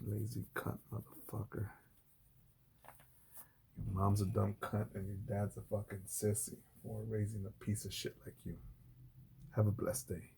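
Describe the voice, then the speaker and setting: A man's voice: lowish voice, creaky, warm tone, a little hiss or hum. A man ranting to camera in a blunt, sarcastic and heavily profane way. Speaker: art video creator.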